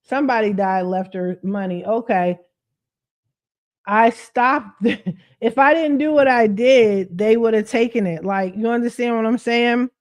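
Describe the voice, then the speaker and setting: A woman's voice: fairly high pitch, unhurried, darkish tone. Blunt, profane woman ranting on a livestream. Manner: blunt, profane, fired-up venting; streetwise slang, addresses viewers directly. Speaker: credit repair coach. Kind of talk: livestream rant to followers.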